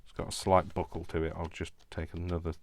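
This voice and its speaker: Man host, very deep voice, casual rambling crafting walkthrough at home. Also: monotone, fast talker, slight background noise. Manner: chatty, rambling asides, self-correcting. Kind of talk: casual step-by-step tutorial.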